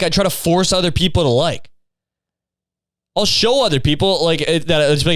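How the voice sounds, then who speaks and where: A young man hosts a comedic podcast, ranting in a rambling, profane and sarcastic way. His voice is smooth and clear. It is recorded dry, with no room sound. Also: a little high, moderate pace, long pauses, fairly bright tone, no echo. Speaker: podcast host.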